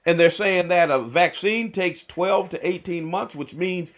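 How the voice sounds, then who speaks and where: Slow, emphatic man on a livestream. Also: sits high. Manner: emphatic and slow, repeating flat denials, answering viewer comments. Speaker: bishop and livestream host. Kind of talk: heated livestream commentary. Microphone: livestream to phone or computer.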